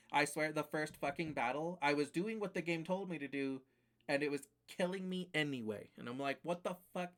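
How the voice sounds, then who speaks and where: A man's voice: on the high side, a bit bright. A man streaming live, ranting casually and profanely about games that beat him, rambling with fillers.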